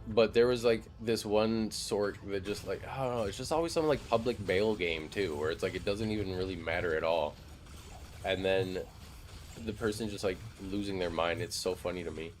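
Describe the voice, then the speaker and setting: Deep-voiced man, casual game-stream chatter, rambling with lots of fillers, faint music behind. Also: moderate pace. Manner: rambling, loose, heavy on "like" fillers and swearing. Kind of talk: casual live-stream chat while gaming.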